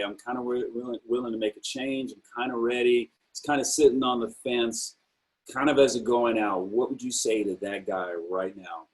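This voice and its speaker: A middle-aged man with a low-pitched voice hosts a casual interview. He talks openly and emotionally, peppering his speech with bro and man. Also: rough recording. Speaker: interview host, program creator.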